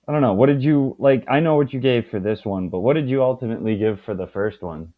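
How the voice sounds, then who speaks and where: A man's voice: medium pitch, fast. A man guesting on a casual comic review chat, rambling and stumbling over his words. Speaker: guest co-host. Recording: tinny phone-like call audio.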